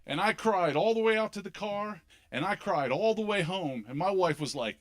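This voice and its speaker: A middle-aged man from Philadelphia with a Philly accent, doing an animated, punchy stand-up comedy set on a club stage. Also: high voice, normal speed, few pauses. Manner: animated, punchy delivery with sudden loud bursts.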